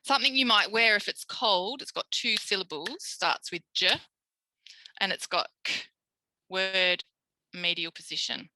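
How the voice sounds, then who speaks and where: An Australian woman, a speech pathologist, giving a recorded tutorial lecture in a lively way, acting out quoted voices. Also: medium pitch, measured pace, dry recording, rough recording. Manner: animated, acts out quoted voices.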